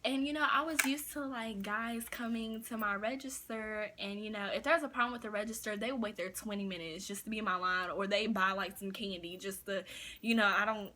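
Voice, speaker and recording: A woman's voice: mid-range voice, steady tone, a little fast, sharp tone, slight background noise. A young woman vlogger telling a story in a casual, chatty way, full of fillers like "like" and "you know.".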